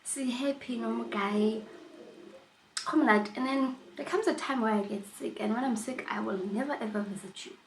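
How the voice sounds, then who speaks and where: A woman vlogger telling a personal story in a casual storytime chat, animated and emphatic, often repeating herself. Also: fairly high pitch, normal speed, roomy sound, slight background noise, rough recording.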